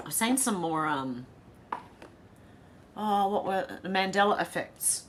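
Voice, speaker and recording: A woman's voice: medium pitch, expressive, slow, slight background noise. A woman with an Australian accent hosting a casual livestream, reading viewer comments aloud and chatting with a laugh. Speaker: livestream host reading chat. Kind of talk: casual chat.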